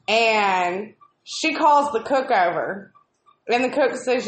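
A woman's voice: mid-range voice, expressive, measured pace. A woman, telling stories in a casual chat, swearing constantly and ranting in exasperation. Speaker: co-host of a live video chat. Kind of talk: casual profane storytelling. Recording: roomy echo.

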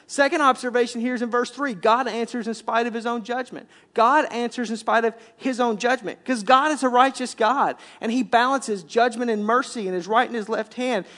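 A man preaching a sermon as pastor, animated, often dropping to a hush for emphasis and acting out complaining voices. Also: very high-pitched.

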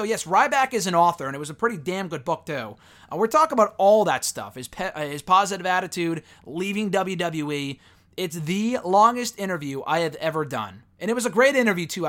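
An upbeat American man hosting a podcast in a chatty, energetic manner. His voice sits fairly high and swings lively up and down. He sounds casual and eager. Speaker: podcast host. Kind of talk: casual podcast intro and interview.

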